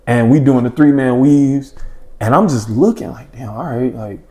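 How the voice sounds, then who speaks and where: A young man chatting casually as a podcast guest, telling stories in an animated, slangy way and acting out his own past thoughts and his friends' reactions. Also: mid-range voice, moderate pace. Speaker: podcast guest, former junior college basketball player. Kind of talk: casual storytelling in a podcast chat.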